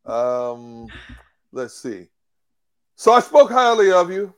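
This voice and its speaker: A man's voice: high voice, sing-song, takes it slowly, smooth. A man on a sports podcast, teasing the others with playful banter. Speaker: podcast guest. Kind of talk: casual sports talk.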